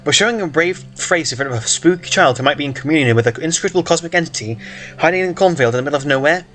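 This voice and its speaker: A man's voice: a little high, expressive, racing, fairly bright tone, soft background music. Man reading a story with joking asides. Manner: joking, self-interrupting, stumbles and hiccups. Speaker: reader of a story game. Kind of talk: casual read-aloud with asides.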